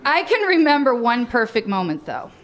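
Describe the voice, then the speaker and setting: A woman's voice: on the high side, sing-song, normal speed, background noise. Giggly woman reading her racy memoir. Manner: giggly, laughs often between lines; frank and cheeky. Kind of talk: candid storytelling reading.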